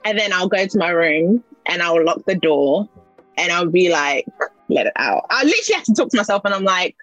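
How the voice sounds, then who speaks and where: A woman's voice: on the low side, lively intonation, brisk, a bit bright, no echo, dull audio, soft background music. A young woman chatting candidly and emotionally, often acting out her own inner voice. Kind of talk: casual chat.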